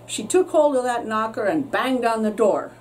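A woman teacher reading a children's story aloud with expressive storytelling, recorded with a distant mic and faint noise. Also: fairly high pitch, normal speed.

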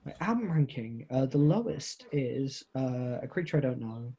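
Male co-host, husky voice, relaxed and easygoing. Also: medium pitch, normal speed, muffled recording. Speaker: podcast co-host. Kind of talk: casual podcast chat.

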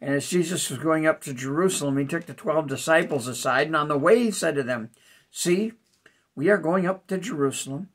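A male pastor reading a Bible chapter aloud with short spoken comments, unhurried, with small hesitations between thoughts and rising emphasis on the quoted lines. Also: a little high, breathy edge. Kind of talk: scripture reading with brief commentary.

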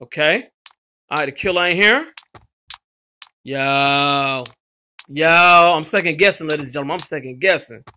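Gaming host, male, bright forceful voice, excitable slangy play-by-play, shouts at teammates. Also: fairly high pitch, a little fast, slight background noise. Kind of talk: live gameplay commentary.

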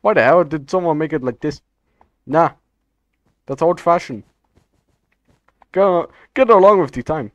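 Lively young man joking over gameplay. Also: on the high side, unhurried, pauses often, no room sound. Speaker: gaming channel host. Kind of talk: casual gameplay commentary. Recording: dull, dry lo-fi mic.

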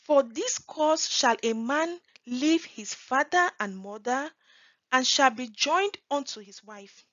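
A woman with a high voice teaches scripture at a slow, deliberate pace, reading each verse and then unpacking it. She stresses and repeats key words. The recording is dry and a little dull. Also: expressive, fairly bright tone, no echo. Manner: reads scripture aloud and explains it point by point; leans on key words, repeats them for emphasis. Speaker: Bible teacher.

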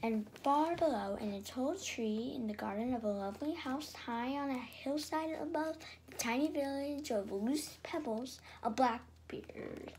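A woman's voice: fairly high pitch, slight background noise. Woman reading a storybook aloud. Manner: lively, with frequent stumbles and restarts. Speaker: reader.

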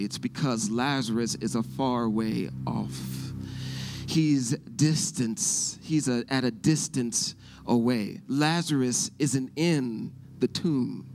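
A middle-aged man preaching a sermon as pastor. He keeps asking the congregation if they hear him and builds to loud shouts. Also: mid-range voice, takes it slowly, over music. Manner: preaching with call-and-response questions, rising to shouts.

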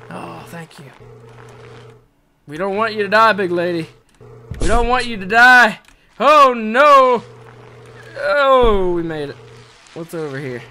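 High lively young dude freaking out at a video game, bright voice, bit of hiss. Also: male voice. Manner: excitable, yelps and shouts at game mishaps, swears often. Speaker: gaming video host. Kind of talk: let's play commentary with facecam.

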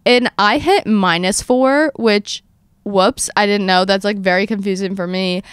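Smooth-voiced young woman telling a dramatic story. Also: mid-range voice, a little slow, no echo, studio quality. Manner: animated, dramatic storyteller acting out her own quotes. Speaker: podcast host. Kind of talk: casual storytelling chat.

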